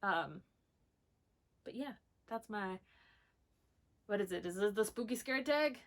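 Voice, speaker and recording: A woman's voice: medium pitch, lively intonation, unhurried. A young woman recording a book vlog at home, chatting casually through a list of questions, rambling with lots of fillers and gushing about what she loves. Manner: bubbly, enthusiastic gushing. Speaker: book vlogger. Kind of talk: casual chat, answering a book tag.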